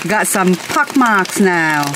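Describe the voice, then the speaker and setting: A woman's voice: on the low side, animated, slow, background noise. An Australian woman vlogging casually as she walks around her garden in the rain, rambling and talking to her plants. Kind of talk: casual vlog chat while walking.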